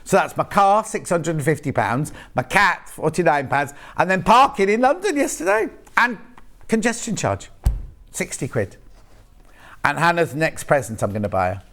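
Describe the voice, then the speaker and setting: A man's voice: fairly high pitch, very animated, normal speed, a bit bright. A man presenting live on a shopping channel, chatting and joking in rambling asides while selling fabric in a TV studio.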